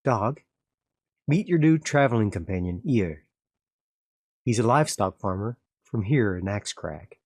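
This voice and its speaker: A man's voice: on the low side, lively intonation, measured pace, pauses often, dry recording, clean studio sound. A man voicing a formal, ceremonious woman who leads a religious order.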